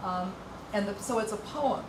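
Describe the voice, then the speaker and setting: A woman's voice: medium pitch, normal speed, echoey room, far from the mic, background noise. A woman teaching a music workshop, explaining patiently with some ums and restarts. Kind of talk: informal music lesson.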